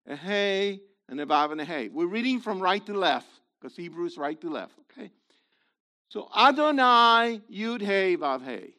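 A man teaching an informal Bible study lesson, explaining things in a halting way and often checking in with his listeners. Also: high voice, a bit bright.

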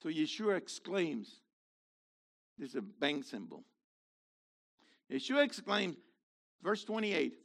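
A man in his seventies delivers a sermon in a high, gravelly voice, unhurried yet wildly animated in pitch. He drops to worn murmurs, then bursts into shouted exclamations. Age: 70s. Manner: fiery, swings from low murmurs to shouted exclamations. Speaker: messianic rabbi.

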